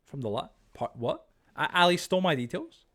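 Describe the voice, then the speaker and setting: A man's voice: on the high side, animated, fairly quick, sharp tone. Rambling, joking male game streamer. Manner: rambling, full of "like" and "bro"; joking and teasing. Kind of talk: casual live-stream chat while playing.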